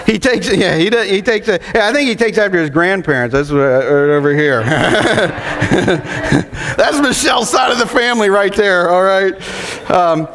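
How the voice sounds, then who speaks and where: High-voiced middle-aged male pastor. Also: normal speed, noisy background. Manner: conversational, storytelling, laughs often. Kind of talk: sermon.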